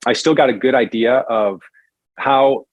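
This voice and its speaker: A man, a financial advisor guest on a podcast, telling his career story in a relaxed conversational way. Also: medium pitch, measured pace, no room sound. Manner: animated storyteller, acts out quoted voices.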